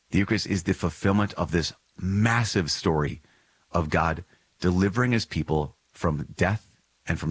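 A man with a low, slightly husky voice hosts a reflective religious podcast. He teaches with earnest enthusiasm, often drifting into personal stories. The recording is dry and close. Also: no echo. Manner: earnest, enthusiastic, storytelling with digressions. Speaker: podcast host.

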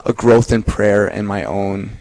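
A young man in his twenties speaks as an interview guest, easygoing and quick to laugh. His voice sits a little low. He answers plainly and without fuss. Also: fairly even intonation, a little mellow, poor audio. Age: 20s. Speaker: seminarian guest. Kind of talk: casual interview chat.

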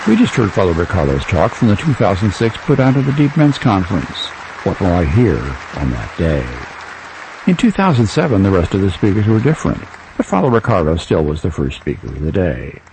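A man hosting a program, introducing the next talk in a measured announcing style. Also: low voice, very animated, crowd noise, background noise. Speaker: radio program host.

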